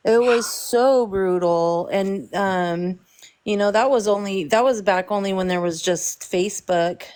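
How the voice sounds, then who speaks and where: A woman's voice: medium pitch, fairly even intonation, unhurried, a little mellow, clean tone. A woman talking casually on a live stream, rambling and reflective, full of "you know" fillers.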